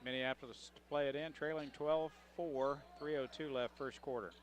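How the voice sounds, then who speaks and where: A man giving color commentary on a high school basketball game, offering measured analysis with occasional fillers. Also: steady tone, dull audio. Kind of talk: local radio basketball commentary.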